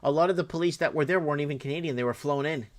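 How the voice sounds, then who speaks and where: A man's voice: a little high, very fast. Blunt, profane male podcast host. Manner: blunt, profane, emphatic ranting. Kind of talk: casual political chat.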